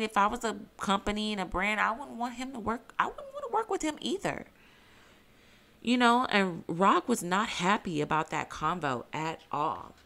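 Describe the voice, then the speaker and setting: A woman's voice: lowish voice, gravelly, a bit bright. A woman giving emphatic reality TV recap commentary, repeating her points and asking her viewers questions. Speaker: YouTube commentator.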